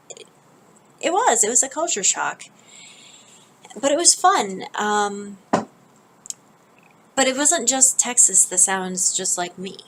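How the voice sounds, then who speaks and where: A woman with a General American accent tells a casual vlog story at a middle pitch. She rambles and restarts, filling gaps with ums. A faint noise sits under her voice. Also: a bit bright, low-quality recording. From northern United States, near Canada. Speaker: vlogger.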